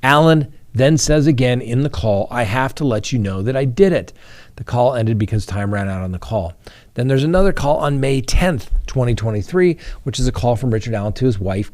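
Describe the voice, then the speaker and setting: A male crime news host with a voice of ordinary middle pitch walks his audience through a court ruling. He speaks straight to the listeners as he explains the rule and recounts the testimony. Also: darkish tone. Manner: explanatory, addresses viewers directly. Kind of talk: legal commentary on a trial.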